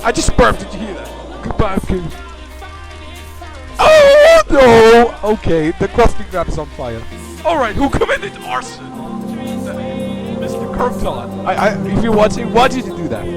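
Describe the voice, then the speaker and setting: A man commentating a reaction livestream, excitable, yelling reactions and tripping over his words. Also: high-pitched, moderate pace, creaky, rough recording. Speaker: streamer. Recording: loud music under the voice. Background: music from the clips he plays.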